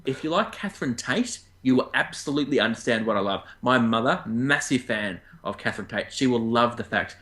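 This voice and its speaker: A man with an Australian accent, co-hosting a casual weird-news podcast and chatting in a lively, joking way. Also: fairly quick, hardly any pauses. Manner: chatty, jumps up in pitch for jokes. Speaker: co-host.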